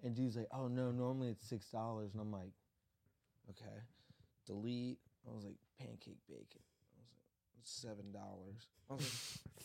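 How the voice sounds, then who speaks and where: A young man telling animated work stories among friends, often laughing as he goes. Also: mid-range voice, normal speed, vocal fry, long pauses. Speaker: former restaurant worker. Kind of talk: casual storytelling among friends.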